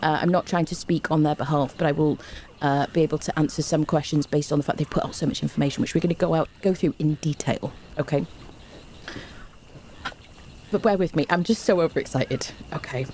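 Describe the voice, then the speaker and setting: This woman's low, dark voice moves briskly as she rambles eagerly to viewers on a casual home live stream, bubbly and overexcited. She speaks into a desk microphone, and a little hiss or hum is audible.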